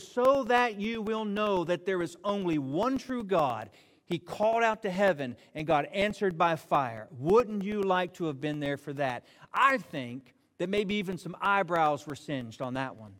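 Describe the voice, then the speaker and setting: Male pastor, higher voice, lively storytelling sermon, long reverb of a hall. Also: normal speed. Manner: animated storytelling with jokes and retold dialogue.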